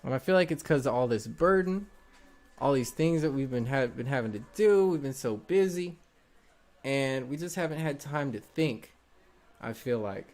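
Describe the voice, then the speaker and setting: A man's voice: medium pitch, animated, moderate pace, a little mellow. A man doing a live tarot reading, encouraging and loose, rambling with many fillers. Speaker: tarot reader.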